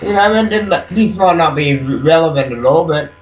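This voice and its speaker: A man's voice: fairly high pitch, animated, moderate pace. A man rambling at night into his webcam, agitated, swearing constantly and filling gaps with "you know". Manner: rambling, profane, agitated, full of fillers. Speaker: vlogger. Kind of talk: rambling late-night monologue. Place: at home at night after waking up. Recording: roomy echo.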